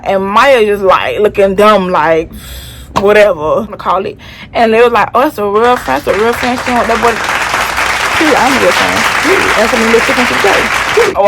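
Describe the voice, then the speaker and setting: A woman's voice: mid-range voice, a bit bright, rough recording. A young woman from Florida telling a personal story in a casual storytime vlog, chatty and slangy, often turning to her viewers. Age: young adult. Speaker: vlogger.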